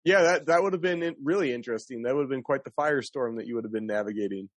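A man's voice: mid-range voice, racing, no room sound. A man co-hosting a casual chat, reacting with laughs and asking follow-up questions. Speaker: co-host.

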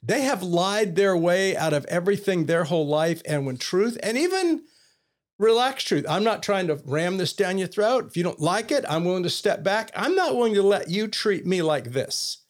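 A man with a notably high speaking voice talks in a relaxed, conversational way. He tells earnest stories and slips into the voices of the people in them. He sounds middle-aged. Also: moderate pace. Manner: earnest storytelling with quoted dialogue. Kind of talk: casual conversation.

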